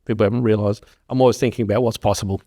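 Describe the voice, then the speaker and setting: Man with a mellow voice. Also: lowish voice, racing. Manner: rambling, animated storyteller who acts out quoted voices. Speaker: agronomist and farm consultant. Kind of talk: casual interview storytelling.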